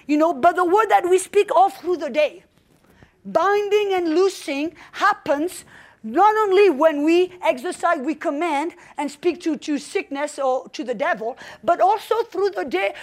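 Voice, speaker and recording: Woman preacher, super high voice, fired up, keeps saying amen and building to shouts. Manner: fervent, builds to shouting exclamations; frequent "amen" and call-and-response. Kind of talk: sermon.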